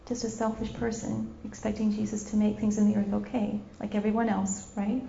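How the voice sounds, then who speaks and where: A woman's voice: medium pitch, level tone, a little fast, gravelly, mellow, slight background noise. A woman preacher giving an impassioned sermon, repeating her phrases and acting out scenes as she goes. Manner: impassioned, repetitive, acts out scenes. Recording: dull lo-fi recording.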